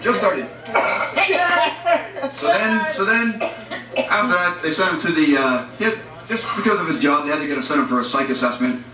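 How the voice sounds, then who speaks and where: A man's voice: on the high side, expressive, moderate pace, pauses often, bright, forceful tone. A man telling rambling, crude jokes at a reunion gathering, recorded in an echoey room from a distance. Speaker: joke teller. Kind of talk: casual joke telling.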